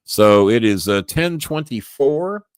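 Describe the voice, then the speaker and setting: A man's voice: medium pitch, lively intonation, slow, clear, resonant tone, no room sound. An older man from Louisville with a Southern accent, hosting a live podcast in casual, rambling talk with frequent chuckles. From Louisville, Kentucky. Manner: rambling, chuckling, restarts words. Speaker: podcast host. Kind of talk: casual live-stream chat.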